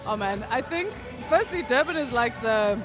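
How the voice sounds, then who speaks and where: An excitable South African man chats as a guest, his voice sitting high. Music and a cheering crowd run behind him at an outdoor stadium. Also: normal speed. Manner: excitable, animated storyteller. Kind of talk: casual chat.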